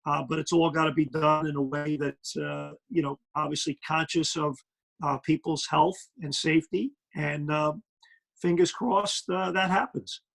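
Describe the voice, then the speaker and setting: Gravelly Brooklyn man, chatty analyst. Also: on the high side, steady tone, moderate pace, fairly bright tone, low-quality recording. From Brooklyn, New York. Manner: rambling with many fillers. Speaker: basketball TV analyst, guest. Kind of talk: casual interview.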